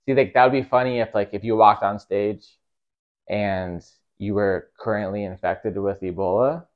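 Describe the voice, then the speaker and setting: A man in his thirties, a comedian, teasing and deadpan in casual interview banter. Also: lowish voice, moderate pace, narrow, tinny audio. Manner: dry, teasing. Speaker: comedian guest.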